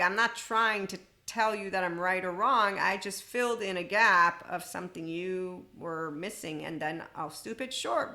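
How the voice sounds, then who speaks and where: A woman's voice: medium pitch, bright, forceful tone. A woman hosting a spiritual self-help podcast, talking bluntly in a rambling, self-amused way. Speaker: podcast host.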